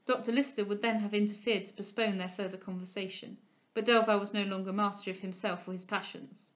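A woman reading a classic novel aloud as an audiobook reader, with expressive, measured storytelling. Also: mid-range voice.

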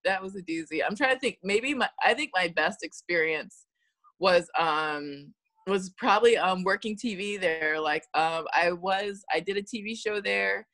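A woman's voice: lowish voice, normal speed, dry recording. An American woman, a model and actress, chatting as a guest and telling stories with acted-out quotes and frequent laughs. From United States. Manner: lively storytelling, acts out quotes, laughs often. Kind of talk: casual interview chat.

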